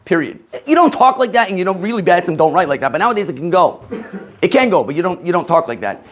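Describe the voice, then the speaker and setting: Speaking fast in a high-pitched voice, this Maryland man leads a class of rabbinical students. He keeps things lively, asks plenty of questions, and laughs often.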